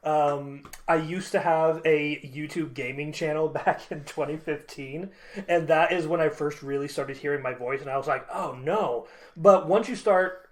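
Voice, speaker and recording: A man's voice: fairly high pitch, normal speed. A man co-hosting a podcast, chatting casually and laughing often. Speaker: podcast co-host. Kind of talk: casual chat.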